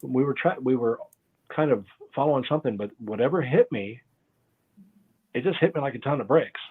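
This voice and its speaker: A man talks through his stories as a guest, circling back and losing his thread as he goes. His voice sits at an everyday middle pitch. It comes through thin and tinny, like a phone line on a video call. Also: lively intonation, brisk, husky. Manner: rambling, loses his train of thought. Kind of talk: casual interview storytelling.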